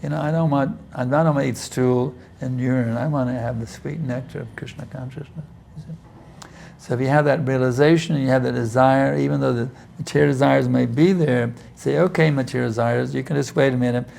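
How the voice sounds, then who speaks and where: A man's voice: medium pitch, steady tone, a little fast, creaky, a little mellow, a little hiss or hum. A man giving a conversational scripture class, with many "you see" asides and restarts, sometimes pleading intensely as he acts out prayers. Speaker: spiritual teacher answering questions. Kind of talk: informal scripture class talk.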